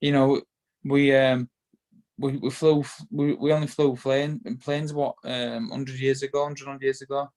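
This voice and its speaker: A man's voice: medium pitch, level tone, measured pace, darkish tone. A man with a Yorkshire accent in a casual interview, talking in a rambling way that repeats words and restarts often. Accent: Yorkshire English. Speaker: guest, bare-knuckle boxer.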